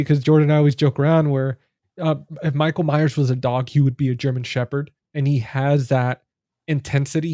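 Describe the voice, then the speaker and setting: A man chatting casually about horror films in a relaxed way, often saying dude and like. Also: fairly high pitch, no echo, clean studio sound. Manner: relaxed, laid-back, says dude and like often. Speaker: podcast co-host. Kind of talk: casual movie chat.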